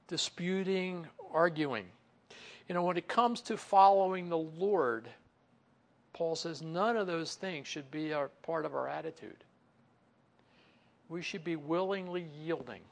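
A man preaching a sermon in a conversational way, with many asides and muttered inner voices that he acts out. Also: fairly high pitch. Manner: conversational, with frequent "you know" asides. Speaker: pastor.

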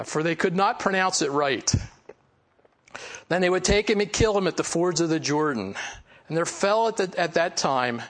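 A man with a Philadelphia accent teaching through a Bible passage in a relaxed, conversational way, with asides and fillers. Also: on the high side. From Philadelphia area. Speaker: pastor.

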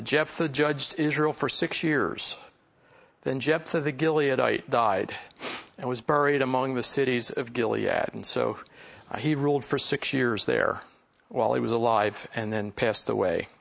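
Gravelly man with a Philly accent. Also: medium pitch, measured pace, a bit bright. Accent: Philadelphia. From Philadelphia area. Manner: conversational, with asides and fillers. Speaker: pastor. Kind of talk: casual Bible teaching.

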